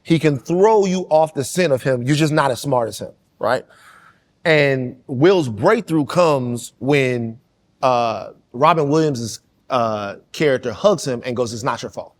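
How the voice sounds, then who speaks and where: A man's voice: medium pitch, animated, a little slow. A man on a casual panel podcast, speaking with passion and repeating points for emphasis as he tells a story.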